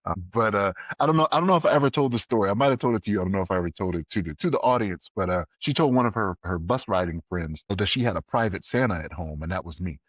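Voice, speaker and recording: Lively low-voiced man telling stories. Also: quick pace, hardly any pauses, no room sound, highs cut off. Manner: animated storyteller who acts out quoted voices. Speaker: podcast co-host. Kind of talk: casual podcast chat.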